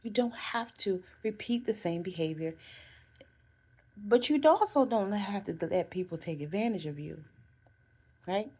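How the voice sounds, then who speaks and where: A woman's voice: medium pitch, expressive, measured pace, long pauses, a little mellow, slightly rough. A woman talking straight to her viewers, giving earnest self-care advice and repeating phrases for emphasis. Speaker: vlogger. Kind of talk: casual motivational talk to camera.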